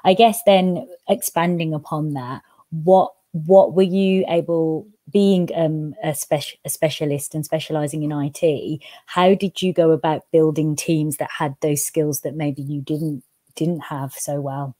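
A woman interviewer with a low, warm voice asks questions in a hesitant way, restarting and rephrasing with fillers. The sound is dry and close, with no room echo. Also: steady tone, unhurried.

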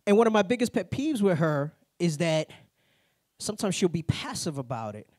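High-voiced man teaching a Bible class. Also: big pitch swings, moderate pace, darkish tone, no room sound, clean studio sound. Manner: tags nearly every point with "right?"; plain-spoken, slangy asides. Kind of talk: conversational Bible class lecture.

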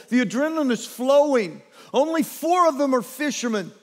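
A man preaching a sermon as pastor, retelling scripture with animated, dramatic storytelling that swings between hushed and loud. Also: very high-pitched, fairly quick, big-room sound.

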